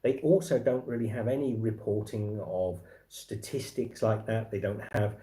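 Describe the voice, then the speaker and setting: A man's voice: lowish voice, steady tone, normal speed, mellow. A man hosting a casual livestream, talking in a rambling way with many restarts and fillers. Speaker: livestream host.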